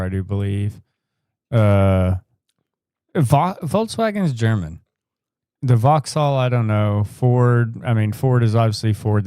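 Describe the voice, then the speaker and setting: A man's voice: fairly low pitch, mellow, smooth, no echo, clean studio sound. An American man co-hosting a live podcast, rambling through opinions with casual swearing. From United States. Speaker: podcast co-host.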